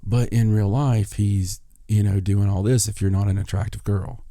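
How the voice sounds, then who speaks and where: A man's voice: lowish voice, steady tone, moderate pace, warm tone, no room sound, studio quality. A man hosting a podcast, casually telling a story and acting out both sides of an argument. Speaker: podcast host.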